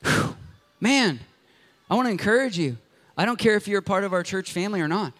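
A man preaching a sermon as a pastor, telling stories with lively, joking energy and sudden loud outbursts. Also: high voice, fairly quick. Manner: animated storytelling with loud outbursts and jokes. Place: church.

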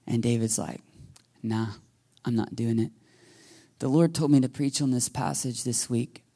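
A man preaching a sermon as pastor, telling a story with lively quoted voices and sometimes dropping to a whisper. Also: mid-range voice, unhurried, gravelly. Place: church sanctuary.

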